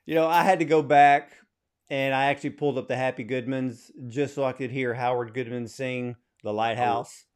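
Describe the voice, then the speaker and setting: A medium-pitched man hosts a podcast and asks his guests questions in a loose, conversational way. He often restarts his sentences before arriving at the point. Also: fairly even intonation, normal speed, clear, resonant tone. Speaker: podcast host. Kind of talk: casual interview.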